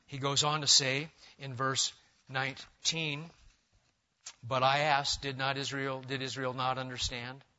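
A man preaching an expository sermon as a pastor, swinging between loud urging and quiet intensity. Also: mid-range voice, little pitch movement, unhurried, dull audio.

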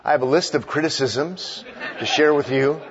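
A man's voice: a little high, moderate pace, muffled recording, background noise. A man preaching as a guest in a church, talking from the podium with playful teasing that turns earnest. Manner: playful, teasing the congregation before turning earnest. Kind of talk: sermon.

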